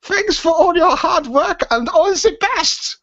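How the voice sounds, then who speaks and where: A man putting on a squeaky, high German accent to read a male listener's letter slowly in a sing-song voice. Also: lively intonation, bright, forceful tone, dry recording, lo-fi sound, full character voice. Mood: mocking.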